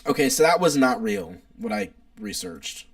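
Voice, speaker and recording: A man's voice: medium pitch, animated, moderate pace, gravelly. A young man, hosting a casual live stream, opinionated and rambling as he reads chat aloud. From United States.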